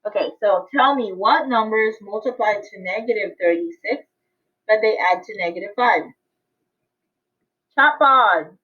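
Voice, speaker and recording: A woman math teacher runs an online class over a video call, coaxing and quizzing her students and laughing often, and the audio sounds tinny and phone-like. Her mid-range voice has a breathy edge, with a measured pace and long pauses.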